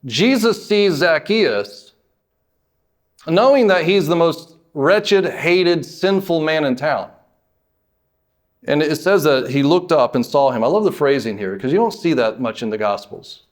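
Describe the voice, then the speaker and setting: In a measured, animated delivery, a US pastor gives a sermon with plenty of emphasis. Words are stretched, his voice climbs suddenly in pitch and loudness, and he tosses in down-home asides.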